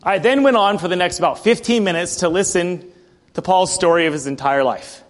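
A male preacher giving a sermon in a conversational storytelling way, often clearing his throat. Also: sits high, brisk. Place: church building.

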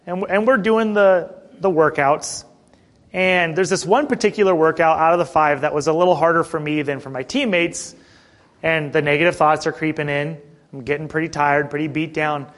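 A middle-aged man preaching a sermon in a conversational way, asking the congregation questions and often clearing his throat. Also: fairly high pitch, moderate pace, fairly bright tone. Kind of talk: sermon with personal story.

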